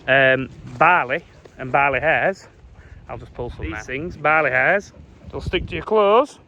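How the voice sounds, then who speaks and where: A man's voice: fairly high pitch, a little slow, pushed and bright, lo-fi sound. A young man, a farmer, chatting casually while walking his fields and calling to his dog. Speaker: farmer vlogger. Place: outdoors in windy farm fields.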